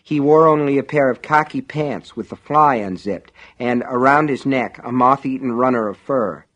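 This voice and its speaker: Male audiobook narrator, mid pitch, steady wry storytelling. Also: normal speed.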